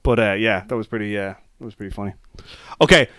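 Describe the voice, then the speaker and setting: A man hosting a relaxed podcast chat, his voice smooth and resonant. He swears freely, laughs easily and stumbles over quick restarts. The sound is close and dry, with no room around it. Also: fairly low pitch, no echo. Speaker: podcast host. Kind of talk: casual chat.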